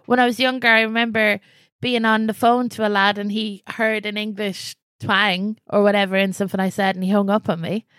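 A woman with an Irish accent co-hosting a comedy podcast over a video call, playful and quick to laugh. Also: mid-range voice, little pitch movement, a bit bright, clear, resonant tone, no echo. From Ireland. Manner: giggly, playful. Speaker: podcast co-host. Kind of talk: casual comedy chat.

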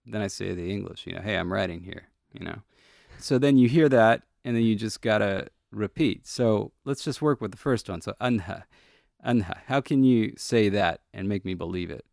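Gravelly low-voiced man coaching pronunciation. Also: dry recording, clean studio sound. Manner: relaxed, explanatory, coaching. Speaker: language creator, guest. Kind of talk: casual interview, teaching pronunciation.

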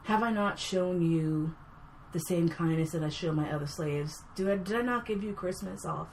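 Lady doing a calm evil master guy, low slow voice, faint hiss. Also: close to an everyday voice, low-quality recording. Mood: calm menace. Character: calm, quietly menacing male master.

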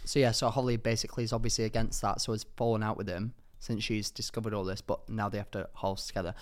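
A man's voice: on the low side, level tone, fast talker. A young man co-hosting a podcast, telling jokey, rambling stories in casual chat and jumping between topics. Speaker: podcast co-host.

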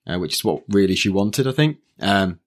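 A man with a fairly low voice chats loosely on a podcast. He wanders through his retelling, stopping and restarting, and leans on plenty of ums and uhs as he goes. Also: lively intonation, normal speed. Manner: rambling, hesitant, many fillers and restarts. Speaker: podcast co-host. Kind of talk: casual chat recapping an anime.

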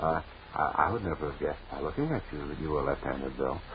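A man hosting a 1940s radio comedy show, trading brisk deadpan banter. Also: extremely low pitch, a little hiss or hum. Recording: tinny old radio broadcast with roomy echo and music.

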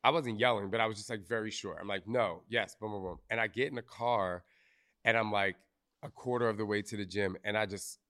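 A podcast host with a lowish, somewhat bright voice speaks briskly at a live recording. He talks candidly and emotionally to the audience, swears casually, and is briefly tearful.

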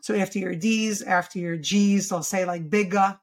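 A woman's voice: medium pitch, steady tone, moderate pace. A woman in her forties, a children's speech therapist, explaining speech errors in a podcast interview and saying sample sounds aloud. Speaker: pediatric speech-language pathologist.

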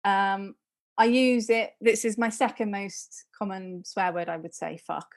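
A woman's voice: medium pitch, measured pace. A woman co-hosting a casual chat podcast, telling stories with lots of animation and laughter. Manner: animated storytelling, laughs often. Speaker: podcast co-host.

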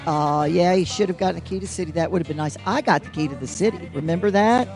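A man's voice: fairly high pitch, fast, gravelly, a little mellow, soft background music. A man co-hosting a casual live broadcast from an old theater, talking into a handheld microphone in a playful, rambling, joking way. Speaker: co-host, honorary mayor. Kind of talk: casual on-site chat. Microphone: handheld mic.

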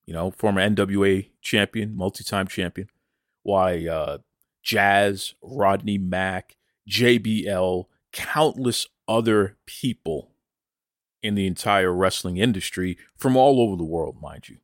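A man's voice: low-pitched, a little slow, no echo, clean studio sound. A man from Boston with a New England accent, hosting a wrestling podcast in an enthusiastic, chatty way. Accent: New England, rhotic. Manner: enthusiastic, chatty, addresses listeners as folks. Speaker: podcast host. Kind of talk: casual podcast monologue with ad read.

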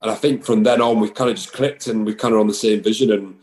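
A man's voice: on the low side, fairly even intonation, fast talker, darkish tone, poor audio. A man, a rugby player chatting casually in an interview, rambling with lots of fillers and restarts. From England.

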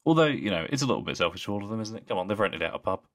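A man co-hosting a podcast in casual chat, enthusiastic, with quick asides. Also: lowish voice, animated. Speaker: podcast co-host.

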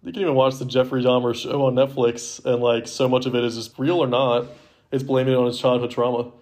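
A young man from the Baltimore area co-hosts a movie podcast, chatting casually and rambling with constant use of "like." His voice is medium-pitched, level and brisk, with a darkish tone.

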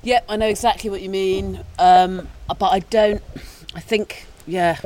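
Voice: mid-range voice, steady tone, a little slow, a little mellow, a little hiss or hum. A podcast host, chatting in a playful way, laughing and swearing freely. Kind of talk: casual chat.

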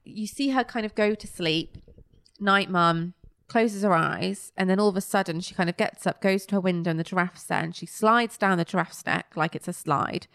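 A woman's voice: mid-range voice, brisk, vocal fry, hardly any pauses, a bit bright, no room sound. A young woman co-hosting a casual podcast, chatting and retelling scenes with little quoted voices. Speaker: podcast co-host. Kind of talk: casual chat reviewing a kids' show.

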